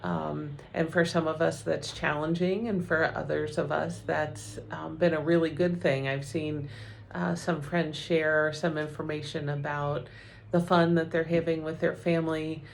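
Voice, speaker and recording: A middle-aged woman counselor explains things in a calm, gentle, encouraging way and often checks in with "right?". Her voice sits fairly low and carries a gravelly edge, with a faint hiss behind it. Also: measured pace. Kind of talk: educational video talk.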